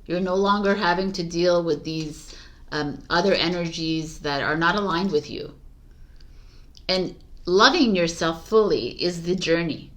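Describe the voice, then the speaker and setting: A woman's voice: fairly low pitch, unhurried, a bit bright. Woman doing a tarot reading, chatty, encouraging, lots of ums and likes. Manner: chatty and encouraging, with fillers and restarts, laughs often. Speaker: tarot reader. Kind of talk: casual spoken tarot reading.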